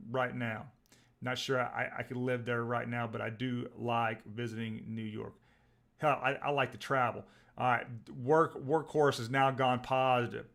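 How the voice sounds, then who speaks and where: Texas-born male stream host, excitable and rambling, live stock trading commentary. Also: medium pitch, gravelly. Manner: rambling, excitable, reads out tickers.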